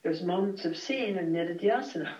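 Reflective teacher leading a small home class, unhurried and searching for words, with the mic across an echoey room. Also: medium pitch, a little mellow. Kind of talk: relaxed classroom explanation. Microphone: far from the speaker. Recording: roomy, distant, dull home recording.

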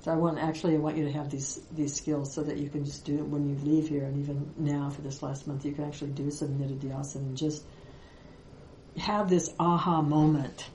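Woman spiritual teacher, low and mellow, reflective and pausing, recorded in a roomy space with faint background noise. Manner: reflective, with many pauses and fillers. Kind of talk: Vedanta teaching talk.

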